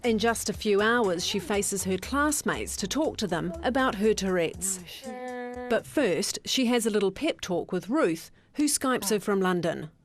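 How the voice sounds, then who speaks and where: A woman giving measured, scripted documentary narration. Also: medium pitch, animated, soft background music.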